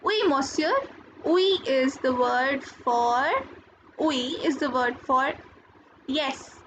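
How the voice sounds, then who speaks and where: A woman teaching a recorded school lesson, explaining each word slowly and carefully and repeating it. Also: sits high. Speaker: French teacher. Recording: dull lo-fi sound, faint noise.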